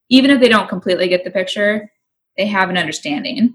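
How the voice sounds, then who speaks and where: A frank woman co-hosting a podcast, in casual chat. She talks candidly and swears freely, and she acts out her own excited thoughts as she goes. Her voice sits at a middle pitch. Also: fast. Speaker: podcast co-host.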